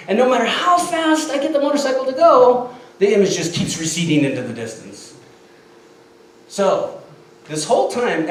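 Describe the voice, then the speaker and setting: Animated, laughing man telling a tall tale. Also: very high voice. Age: 50s. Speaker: storyteller. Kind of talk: comic storytelling skit. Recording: echoey room from far off, faint noise.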